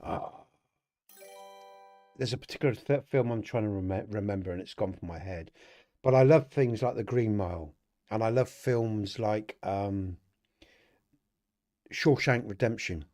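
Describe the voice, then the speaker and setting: Middle-aged guy hosting a chill stream, rambles and laughs, mellow low voice. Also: unhurried, long pauses, faint music behind. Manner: rambling, chatty, laughs often, talks to viewers in chat. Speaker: podcast host. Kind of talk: casual livestream chat.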